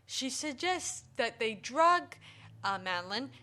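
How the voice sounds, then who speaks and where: A woman's voice: on the high side, big pitch swings, takes it slowly, bright, forceful tone. A woman hosting a casual film review podcast, retelling the plot at length with fillers and self-corrections. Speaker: podcast host.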